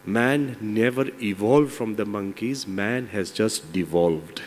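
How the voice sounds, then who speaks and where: A man's voice: fairly low pitch, takes it slowly, darkish tone, slight background noise, pitched below the performer's own voice. A man voicing a loyal, principled male monkey in a fable, firm and indignant. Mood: stern. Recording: long reverb in large hall.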